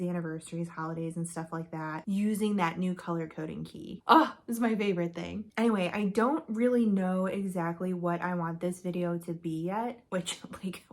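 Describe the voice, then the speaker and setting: A woman's voice: medium pitch, a little mellow. Bubbly, chatty congested young woman. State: congested from illness. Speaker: planner vlogger. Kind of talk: casual talk to camera.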